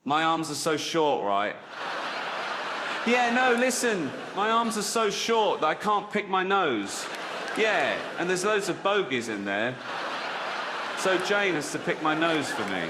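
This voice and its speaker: A man's voice: on the high side, sing-song, unhurried, background noise, pitched above the performer's own voice. A man voicing a crude, chatty bloke who talks about his short arms in an insistent, giggly way. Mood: boastful, crude. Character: short-armed bloke, a crude stand-up type.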